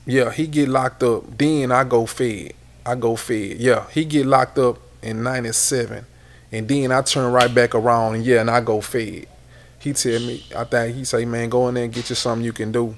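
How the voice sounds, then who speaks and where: A man's voice: mid-range voice, fairly even intonation, moderate pace, slight background noise. A middle-aged man with a Houston accent, a rapper telling long rambling stories in a casual interview, repeating words and swearing often. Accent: Houston Southern. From Houston, Texas.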